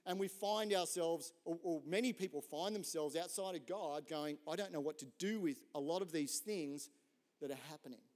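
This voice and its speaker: A man, a pastor telling a story in a relaxed, conversational sermon and joking with the audience. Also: on the high side, moderate pace. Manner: relaxed, chatty, jokes with the audience.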